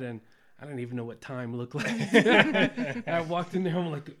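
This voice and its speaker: A man in his forties, a chef and podcast guest, telling stories in a relaxed way with lots of fillers. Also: mid-range voice, normal speed. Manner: relaxed storytelling with many fillers. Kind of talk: casual conversation.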